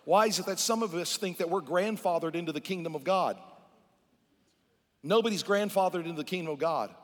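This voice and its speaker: A high-voiced man preaches a sermon with fervor, his volume swinging from hushed asides to loud appeals. He speaks straight to the people in front of him, like a pastor leading his own church. His voice rings out with a long reverb that fills the sanctuary. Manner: addresses the congregation directly.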